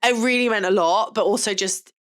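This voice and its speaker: A woman's voice: mid-range voice, animated, brisk, a bit bright. A young adult woman, chatting casually to camera about an event, rambling and laughing often. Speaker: photographer and vlogger.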